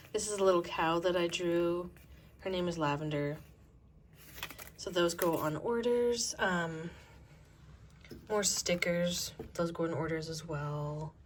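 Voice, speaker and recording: A woman in her thirties giving a casual tour of her small business office, chatty and laughing often, talking fast enough to get out of breath. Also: lowish voice, a bit bright. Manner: chatty and giggly, laughs often mid-sentence. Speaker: small business jewelry maker. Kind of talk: casual studio tour vlog. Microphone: handheld camera while walking around.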